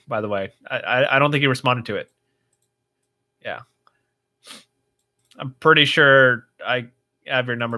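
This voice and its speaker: A man hosts a casual livestream, reading viewer comments and answering them off the cuff. His voice is bright, and his pitch sits in an ordinary middle range. He rambles with plenty of fillers and restarts. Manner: chatty, rambling, reads viewer comments aloud with frequent fillers. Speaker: livestream host.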